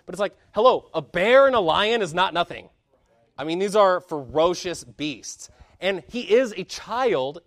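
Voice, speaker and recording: A man preaching a sermon with passion, building to loud emphatic peaks and dropping into low, quiet asides. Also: no echo.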